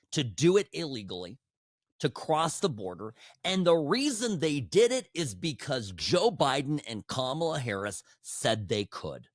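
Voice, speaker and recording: A man hosting a political commentary podcast, talking in an animated, sarcastic way with frequent restarts, into a studio microphone. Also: medium pitch, no room sound. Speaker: podcast host.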